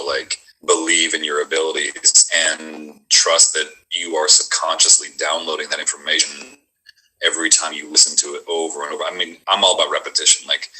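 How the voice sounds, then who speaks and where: A man's voice: extremely low pitch, bright, forceful tone, poor audio. A man, an actor, chatting casually and rambling about doing accents, with lots of fillers. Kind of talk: casual chat.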